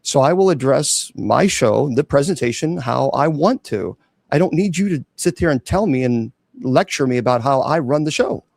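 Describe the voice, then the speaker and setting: A man's voice: mid-range voice, animated, normal speed, gravelly, darkish tone, dry recording, clean studio sound. A man who is a clergyman hosting his own show, talking casually and defiantly to viewers about online trolls. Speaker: host and clergyman. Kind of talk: casual livestream talk.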